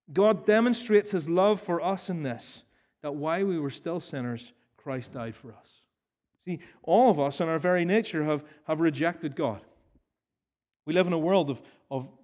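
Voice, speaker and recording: A man's voice: fairly high pitch, darkish tone. A male pastor preaching an earnest sermon, repeating key phrases for emphasis and then leading a prayer. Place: church hall.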